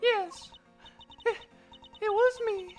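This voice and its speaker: A man doing a shrill flustered young woman. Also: extremely slow, soft background music, full character voice. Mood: pleading. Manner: shrill falsetto, pleading. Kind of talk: live fan dub of a game.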